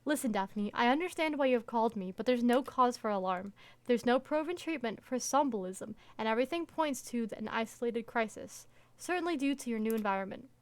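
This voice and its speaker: Calm doctor, read by a woman. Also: on the high side, brisk, dry recording, close to an everyday voice. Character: calm middle-aged male doctor, patient and rational. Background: background music.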